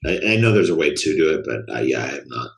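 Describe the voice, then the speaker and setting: A man's voice: extremely low pitch, very animated, fast, gravelly. A man co-hosting a podcast in casual chat, laid-back, trailing off and swearing casually. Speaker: podcast co-host.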